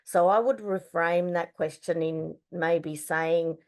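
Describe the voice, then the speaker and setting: Mulher australiana de voz grave e séria. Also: female voice, on the low side, steady tone, takes it slowly. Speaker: webinar participant, victim support worker. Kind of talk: questioning a presenter.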